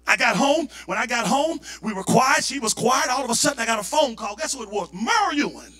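A male pastor with a Southern US accent, preaching a sermon and building to shouted fervor. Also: extremely high pitch, lively intonation, fairly quick, faint music behind.

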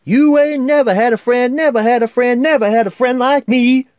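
A man voicing a manic, zany male genie in an animated film, singing in a hyper, shouty comic style. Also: very high voice, drawn-out words, dry recording, clean studio sound, full character voice. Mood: exuberant.

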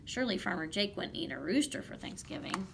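A woman reading a picture book aloud to children, lively and playful. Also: mid-range voice, fairly quick, gravelly, background noise. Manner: lively, playful voices for the animals. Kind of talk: children's storybook read-aloud.

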